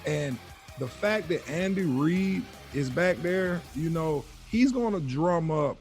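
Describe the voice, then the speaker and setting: A man who played pro football, co-hosting a sports podcast in a relaxed way, filling in with "you know" and "like". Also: fairly high pitch, slow pace, faint music behind. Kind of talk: casual sports podcast chat.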